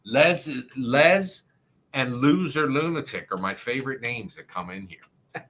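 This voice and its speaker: A man with a South Jersey accent hosts a laid-back livestream, his mid-range voice expressive, unhurried and slightly bright. He rambles, swears freely and reads viewers' chat comments out loud.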